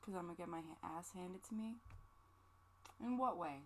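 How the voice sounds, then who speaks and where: A woman's voice: on the low side, normal speed, slight background noise. A woman livestreamer chatting casually, rambling and joking with some swearing, emotional and close to tears. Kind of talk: casual stream chat.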